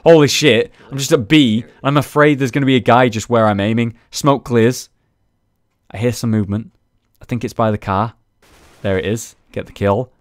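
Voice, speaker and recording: A man's voice: mid-range voice, moderate pace, dry recording. A young man chatting casually over gameplay footage, recapping rounds and swearing freely. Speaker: gaming video host.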